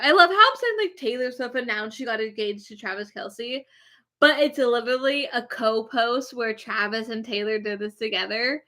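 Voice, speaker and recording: A woman's voice: on the high side, normal speed, pushed and bright. A woman vlogger chatting casually and rambling, with lots of fillers. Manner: gushing, filler-heavy, rambling. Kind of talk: casual chat.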